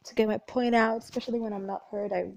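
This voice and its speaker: A young woman vlogger chatting loudly and talkatively through would-you-rather questions. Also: medium pitch, fast talker, no echo. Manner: chatty, animated, loud and talkative.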